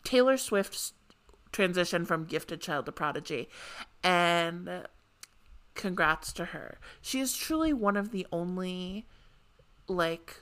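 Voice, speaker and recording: A woman co-hosting a podcast in casual conversation, speaking slowly and leaning on "like" as she thinks. Her voice is bright and forceful, with a slightly low pitch for a woman. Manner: chatty, frequent "like" fillers, bursts of excitement. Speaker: podcast co-host.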